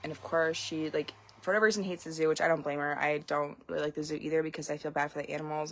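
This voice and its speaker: A woman's voice: low-pitched, rapid-fire, hardly any pauses, a bit bright. A young woman, a homeschooling parent, talking casually in a vlog and rambling frankly with lots of fillers.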